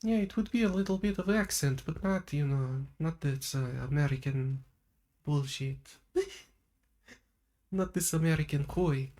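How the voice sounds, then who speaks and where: A woman hosting a live stream in a soft-spoken ASMR chat style, talking in a meandering way and laughing often. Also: low-pitched, moderate pace. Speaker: livestream host. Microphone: streaming microphone.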